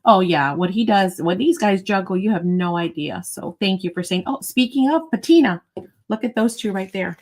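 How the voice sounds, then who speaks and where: A woman's voice: mid-range voice, expressive, moderate pace, low-quality recording. Chatty, bubbly woman hosting a sale. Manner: bubbly and chatty, thinks aloud. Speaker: host of a live online sale. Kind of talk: casual live-sale chat.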